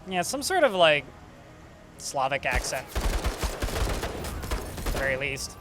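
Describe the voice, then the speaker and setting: Streaming a strategy game, a man commentates casually, chatting away, talking to chat and swearing now and then. His voice is on the high side, very animated yet slow, with background noise.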